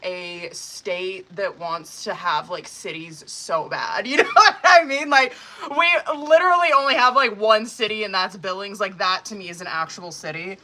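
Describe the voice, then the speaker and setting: A woman's voice: on the low side, bright, forceful tone, low-quality recording. A young woman, a tarot reader, chatting casually with her live-stream viewers, laughing often and swearing freely.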